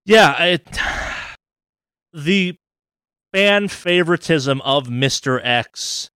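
A man with a smooth, clean voice recorded close and dry, with no room sound around him. He rambles through gaming news in a loose, excitable way and swears casually as he goes. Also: a little high, slow pace, no echo. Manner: enthusiastic, rambling, swears freely. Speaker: podcast co-host.

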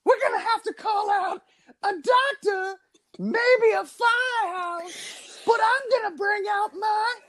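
A shrieking falsetto rock frontman. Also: slow pace, fairly bright tone, exaggerated voice, low-quality recording. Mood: hyped. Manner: shrieking falsetto stage banter, sung-out lines. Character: screaming high-voiced male rock frontman working a crowd.

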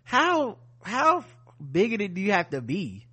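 A man's voice: high-pitched, huge pitch swings, slow, bright, forceful tone, husky. A man co-hosting a podcast, reading out news items and joking about them in casual chat. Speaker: podcast co-host.

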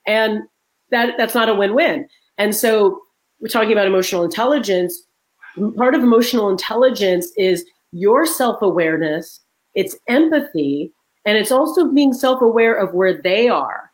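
A woman in her forties, a guest author in a conversational interview, telling animated stories and acting out what people said. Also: mid-range voice, moderate pace, rough recording. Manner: animated storytelling, acts out quoted voices. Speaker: guest author and leadership trainer.

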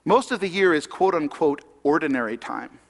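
A man's voice: a little high, expressive, normal speed, creaky. Man preaching in a reverberant hall. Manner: conversational, asks the congregation questions. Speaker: pastor. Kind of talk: sermon.

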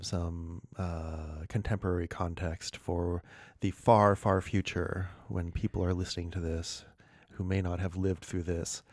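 A man with a very deep voice co-hosts a casual comedy podcast and delivers wry, mock-formal asides. The recording is dry and close to the mic. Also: no echo. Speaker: podcast co-host.

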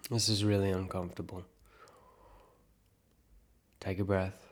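A man's voice: low voice, little pitch movement, unhurried. A man from South Africa, an actor and podcast host, thinking aloud in a reflective monologue and talking himself through his own questions.

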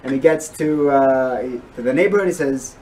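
A man's voice: medium pitch, normal speed, a little hiss or hum. A man giving a storytelling sermon, mixing in Yiddish and Hebrew words. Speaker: rabbi giving a weekly Torah talk. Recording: from a distance, with loud guitar music.

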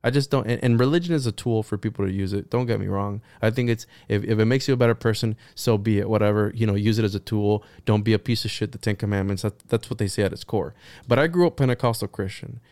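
A man chatting on a podcast, telling stories in a rambling, profane, animated way. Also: on the low side, quick pace, no room sound. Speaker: podcast guest. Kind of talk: casual podcast chat.

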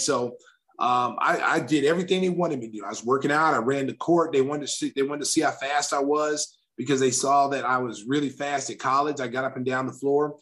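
Animated storytelling man from Oklahoma. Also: fairly high pitch. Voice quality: animated storyteller who acts out quotes. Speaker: guest, former basketball player. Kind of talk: casual anecdote telling.

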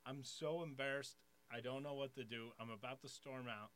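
A comedian telling an embarrassing story, laughing and acting out the dialogue. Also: male voice, mid-range voice, normal speed, clean tone. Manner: excitable, laughs often, acts out dialogue. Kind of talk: casual storytelling chat.

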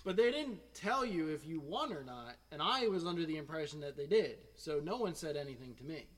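A man's voice: on the high side, a little fast, in a large hall. A man from Pennsylvania hosting a podcast, telling a story casually and laughing often. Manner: animated, laughs often, acts out quoted dialogue. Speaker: podcast host.

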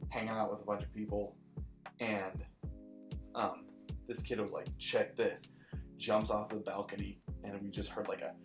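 A man's voice: on the low side, level tone, measured pace, long pauses. A young man telling personal stories in casual chat, full of like and filler words. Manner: filler-heavy, says like a lot. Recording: faint guitar music behind.

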